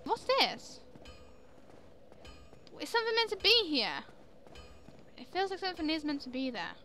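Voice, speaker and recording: A young woman commenting chattily on her own gameplay, quick to exclaim and laugh. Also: very high voice, sing-song, bright, forceful tone, slight background noise. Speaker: gamer. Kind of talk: let's play commentary.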